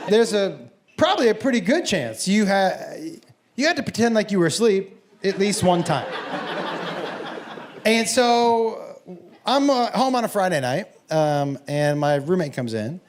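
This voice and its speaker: A man performing a stand-up comedy set, telling an animated story and acting out the people in it. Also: high-pitched.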